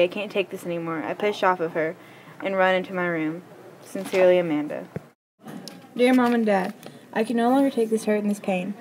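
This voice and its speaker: A woman reads a story aloud at a brisk clip, her voice sitting at an ordinary middle pitch. She keeps a plain, unadorned delivery and trips over a word here and there. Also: darkish tone, a little hiss or hum, low-quality recording. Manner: quick, plain reading with small stumbles.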